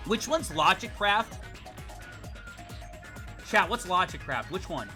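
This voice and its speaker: A man streaming a visual novel game, reacting with excitable, profane rants to chat. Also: high-pitched, takes it slowly, faint music behind. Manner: excitable, ranting, swears often. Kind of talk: live game commentary.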